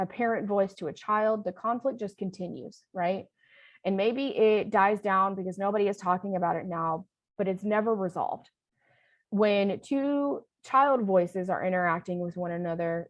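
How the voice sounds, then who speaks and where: A woman's voice: mid-range voice, no room sound. Conversational woman trainer, dry sound. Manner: conversational, often asks "right?". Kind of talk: online training lecture.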